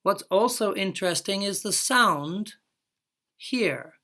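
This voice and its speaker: With a medium-pitched, animated, fairly bright voice, this English teacher walks through a recorded lesson one step at a time. Her explaining is slow and careful, and she stretches out each example phrase.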